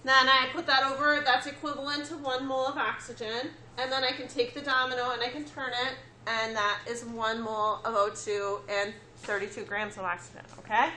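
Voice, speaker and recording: A woman's voice: a little high, flat delivery, a little fast, hardly any pauses, bright, forceful tone, a little hiss or hum. A woman teaching a chemistry lesson, explaining step by step and checking in with her students. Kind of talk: classroom lecture. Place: classroom. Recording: echoey classroom with faint ambience.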